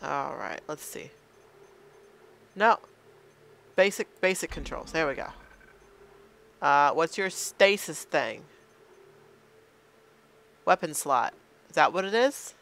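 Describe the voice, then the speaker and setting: A man's voice: on the high side, expressive, takes it slowly, creaky, long pauses, a bit bright. A man doing let's play commentary, hesitantly muttering to himself as he works out the game controls. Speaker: gameplay commentator.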